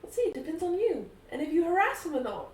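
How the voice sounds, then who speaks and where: Casting: wry role-player, lively pitch, in a roomy space. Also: female voice, fast, slight background noise. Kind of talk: tabletop role-play. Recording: roomy, far from mic.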